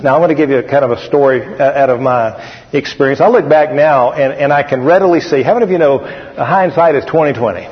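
A man's voice: medium pitch, fast talker. A middle-aged man preaching a folksy sermon. He tells a story, repeats phrases and calls on the congregation to answer. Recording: dull echoey hall recording.

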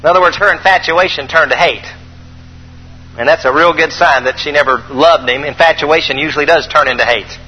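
A man preaching a sermon, reading scripture aloud with animated, folksy, emphatic asides to the congregation. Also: on the high side, brisk, slightly rough, long reverb tail, faint music behind, rough recording.

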